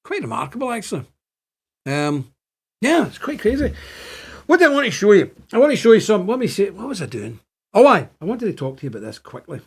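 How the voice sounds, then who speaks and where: Animated man. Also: high-pitched, fairly quick, breathy edge. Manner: animated, rambling, chants and jokes. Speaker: host. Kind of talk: casual online show talk.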